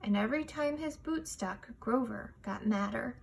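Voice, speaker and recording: A woman reading a children's picture book aloud, expressive and measured. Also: fairly high pitch, vocal fry, slight background noise. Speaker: storytime reader.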